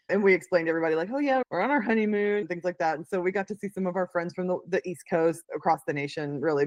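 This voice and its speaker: A woman's voice: sits low, no room sound. A middle-aged woman guest telling a story in a casual interview, acting out the voices she quotes.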